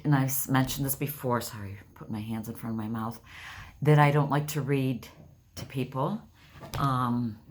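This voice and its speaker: Woman in her sixties, deep low voice, chatty vlogger, storytelling. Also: fairly bright tone. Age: 60s. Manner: chatty, storytelling, laughs often. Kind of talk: casual chat to camera.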